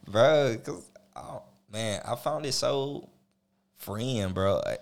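A man's voice: mid-range voice, expressive, takes it slowly, creaky. A man in casual chat who laughs often and reflects on his younger self.

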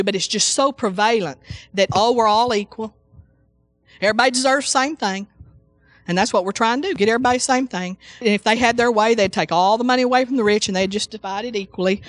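A woman's voice: a little high, no room sound, studio quality. Fervent woman preaching. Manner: fervent, slow emphatic scripture reading with exclamations. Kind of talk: sermon.

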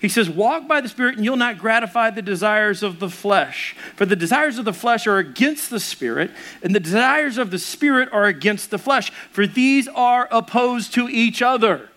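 A man's voice: high voice, animated, normal speed, few pauses, pushed and bright. A middle-aged man, a pastor preaching a sermon in a conversational way, mixing personal family stories into his preaching.

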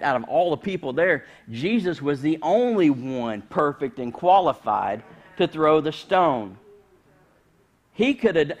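A man, preaching a sermon in a conversational, humorous storytelling way with sudden loud bursts. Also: sits high. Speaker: pastor.

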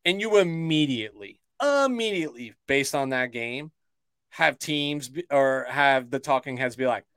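A man co-hosting a casual sports talk show, measured and cautious, with lots of fillers like "right?". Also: mid-range voice, fairly bright tone, clean tone, no echo. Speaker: podcast co-host.

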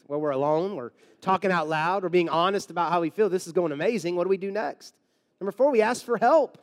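A pastor preaching a sermon in a rambling, conversational way, acting out sample prayers. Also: male voice, sits high, in a large hall.

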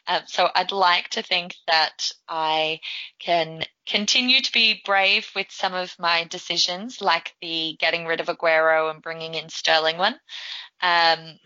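A woman with a bright, forceful voice chats on a podcast, laughing often and tripping into restarts. Her pitch sits on the low side, and the dry, dull-sounding recording has no room echo. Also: steady tone, measured pace. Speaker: podcast guest. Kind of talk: casual podcast chat.

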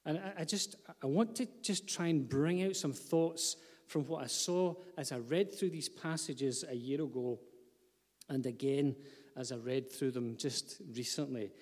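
A man's voice: fairly high pitch, darkish tone, big-room sound. A man, preaching a sermon as pastor, earnest, with light asides to the congregation. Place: church hall.

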